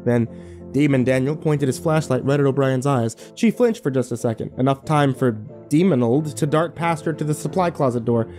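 A man narrating a first-person horror story in a wry, expressive way. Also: medium pitch, moderate pace, soft background music.

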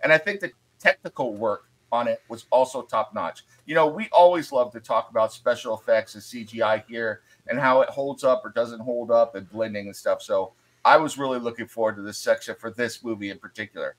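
Man, podcast co-host, casual chat, easygoing, self-mocking, middle pitch. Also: brisk, low-quality recording. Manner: chatty and easygoing, laughs at himself.

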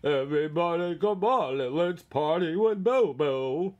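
A man putting on a loud cheerful voice, calling a friend to party. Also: on the high side, animated, a little slow, muffled recording. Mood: excited.

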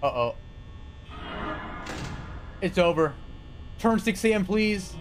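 A young man streaming live gameplay, talking fast and excitably, yelping and swearing at scares and cheering at wins. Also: sits high, music in the background. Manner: excitable, jumpy, swears, yelps when scared.

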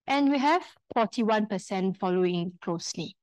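A woman with a Singaporean accent leading a live workshop, telling stories with animated quoted speech and asking the audience questions. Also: medium pitch, normal speed, rough recording. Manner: lively storyteller, acts out quoted speech; engages audience with questions and polls. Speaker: workshop speaker.

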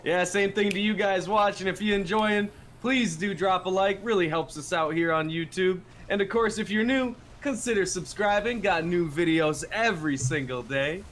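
A man's voice: high-pitched, moderate pace, few pauses, a bit bright, slight background noise. A man co-hosting a game stream, upbeat and greeting viewers by name. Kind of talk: casual game stream chat.

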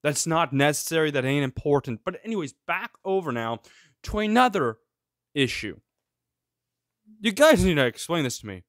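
Sarcastic ranting man, fairly high voice. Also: no echo, studio quality. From of Greek heritage. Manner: sarcastic, full of rhetorical questions. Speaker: show host. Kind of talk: ranting solo commentary.

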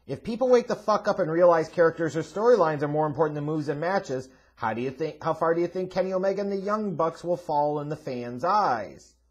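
A man hosting a casual Q&A, reading out viewer questions and answering them bluntly, sarcastically and with a lot of swearing. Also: on the high side. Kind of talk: casual Q&A rant.

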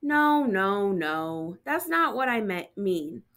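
A woman's voice: mid-range voice, sing-song, slow. A woman reading aloud, voicing a wise, kind grandmother in a storybook who speaks patiently. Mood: caring. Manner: warm, patient, teaching.

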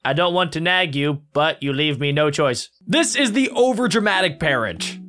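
A man hosting a casual reaction video, talking in an excitable, playful way. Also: a little high, fairly quick, hardly any pauses, soft background music. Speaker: YouTube reaction host.

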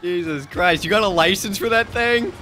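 A young man hosting a gaming video, crude and loud, swearing and laughing a lot in casual banter. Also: sits high, normal speed, soft background music.

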